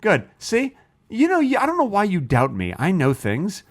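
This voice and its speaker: A man's voice: high voice, wildly swooping pitch, moderate pace. A man co-hosting a comedy podcast in casual banter, stubbornly and playfully insisting he is right. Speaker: podcast co-host.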